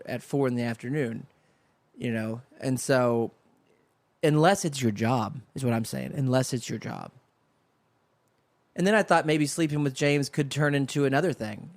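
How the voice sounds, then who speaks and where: A medium-pitched man speaking at normal speed hosts a solo comedy podcast from a home studio, with no echo. Rambling through a story, he riffs and acts out voices for the people in it.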